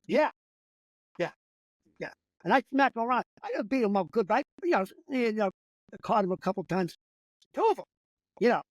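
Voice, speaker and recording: An older man with a fairly high voice tells a long, profanity-laced story in a rambling, animated way. The sound is dry and close, with no room around it. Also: fairly quick, long pauses, dry recording, poor audio. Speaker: comedian guest. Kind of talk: casual storytelling.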